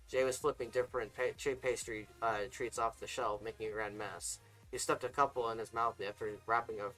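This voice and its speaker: A man's voice: on the low side, steady tone, a little fast, fairly bright tone, rough recording. Man reading a story over faint music. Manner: casual reading with slips and restarts. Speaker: story reader. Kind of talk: reading fiction aloud.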